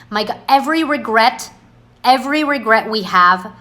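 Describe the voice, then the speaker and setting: A woman's voice: a little high, lively intonation, moderate pace, sharp tone. A woman hosting a casual livestream monologue, talking bluntly and sarcastically without apology. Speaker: livestream host. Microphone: phone.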